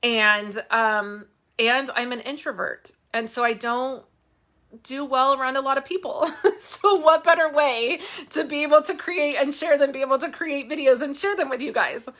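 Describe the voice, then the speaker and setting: Craft-channel host, female, bright tone, heartfelt rambling chat into a phone. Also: sits high, moderate pace. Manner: candid, heartfelt, rambling with fillers. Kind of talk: casual live-stream chat.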